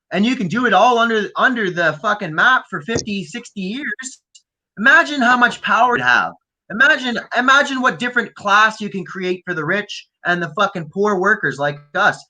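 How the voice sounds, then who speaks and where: A man from Canada co-hosting a casual conspiracy podcast, talking loosely and swearing often. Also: sits high. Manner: animated, swearing, mock accents. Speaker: podcast co-host.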